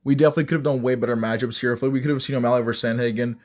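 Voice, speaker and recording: A man's voice: medium pitch, steady tone, very fast. A young man giving blunt, rambling, mocking commentary on fights, with frequent restarts. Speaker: MMA commentary vlogger. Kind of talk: casual ranting commentary.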